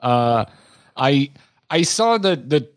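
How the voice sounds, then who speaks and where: A man co-hosting a podcast in a relaxed chat, mid-pitched, stopping and restarting his sentences. The sound is dry and close. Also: no echo. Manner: halting, many restarts and fillers. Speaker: podcast co-host. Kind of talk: casual chat.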